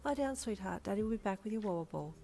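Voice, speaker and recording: A woman voicing a young mother who softly soothes her crying toddler. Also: mid-range voice, quick pace, a little hiss or hum, close to an everyday voice. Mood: soothing. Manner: soft, reassuring.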